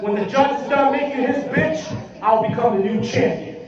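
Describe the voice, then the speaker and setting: High-voiced wrestler yelling a trash-talk promo, far from the mic, big echo, rowdy crowd. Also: male voice, fairly quick. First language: Spanish. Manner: boastful, aggressive, profane, shouting. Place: indie wrestling arena, crowd around. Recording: distant, echoey, dull arena sound.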